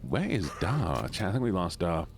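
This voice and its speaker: A man's voice: sits low, moderate pace. A man hosting a live gaming stream in casual, teasing chat, laughing often and talking to his viewers. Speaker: streamer and host. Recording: steady background noise.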